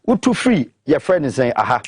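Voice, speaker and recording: A man with a Ghanaian accent, speaking emphatically in an animated discussion that mixes English and Twi, pressing his points with repeated questions. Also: mid-range voice, brisk, husky, dry recording, clean studio sound.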